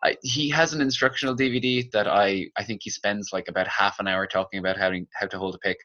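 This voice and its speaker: A man's voice: on the low side, steady tone, fast, pushed and bright. A man hosting a casual podcast chat, joking and restarting his sentences. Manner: chatty, jokey, with restarts. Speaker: podcast host. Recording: dull lo-fi sound.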